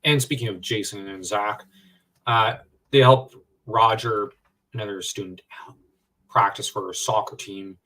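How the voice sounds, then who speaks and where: A man's voice: on the low side, steady tone, unhurried, pushed and bright. A man co-hosting a livestream in casual fan discussion, rambling with many fillers and restarts, getting worked up at times. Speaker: livestream co-host. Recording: distant from the mic.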